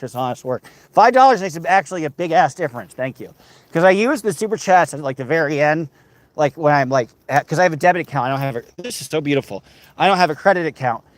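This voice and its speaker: A slightly high-voiced man talks to his live chat while walking outside. He reads comments aloud and bursts into mock-dramatic outbursts between casual, bantering asides. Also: no room sound. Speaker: livestreamer reading chat.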